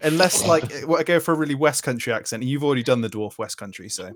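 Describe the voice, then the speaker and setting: A man's voice: medium pitch, lively intonation, quick pace. A man co-hosting a tabletop game podcast in casual chat, joking and stammering through restarts. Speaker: podcast co-host.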